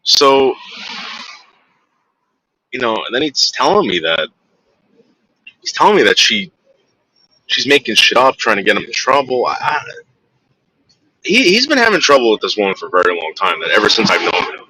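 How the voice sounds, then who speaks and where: A man's voice: mid-range voice, big pitch swings, normal speed, long pauses, sharp tone, husky, dry recording, low-quality recording. A man streaming to his viewers, telling a long story in a rambling, profane way and acting out the voices of the people in it.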